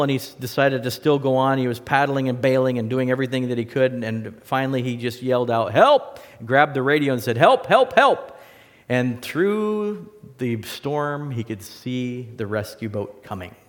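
A man preaching a sermon with illustrations and a closing prayer, talking earnestly, rising for emphasis and dropping soft. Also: mid-range voice, big-room sound.

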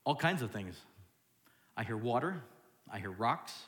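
A male pastor preaching in a room with a lot of echo, his voice sitting at an ordinary middle pitch. He moves from quiet, low asides to loud, high-pitched bursts whenever he acts out a quoted line. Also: lively intonation, a little slow. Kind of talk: sermon.

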